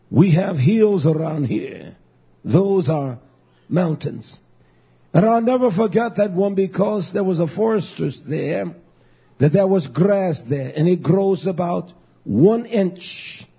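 A man preaching a sermon, exhorting his congregation and rising at times into shouts. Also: on the high side, creaky, slightly rough. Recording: dull lo-fi recording.

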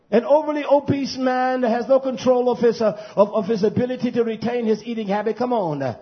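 A man preaching a fiery sermon, swinging from loud, rhythmic, "uh"-punctuated shouting to low, quiet talk. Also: fairly quick, hardly any pauses, lo-fi sound. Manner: preaching with rhythmic "uh" fillers, rising to shouts then dropping low.

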